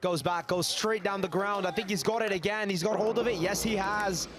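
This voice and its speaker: A man giving live cricket commentary, chatty and getting excited on big shots. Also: high-pitched, brisk, very noisy.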